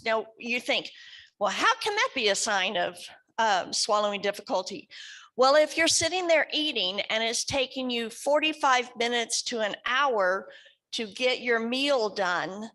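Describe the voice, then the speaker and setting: With a slightly high, bright and forceful voice, this woman from West Kentucky, USA, is a speech therapist teaching a support group. She keeps the talk conversational and frequently asks her listeners questions.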